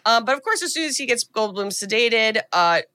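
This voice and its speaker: A woman podcast co-host recapping a movie in a casual, profane, animated storytelling way. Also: on the high side, brisk, smooth, dry recording.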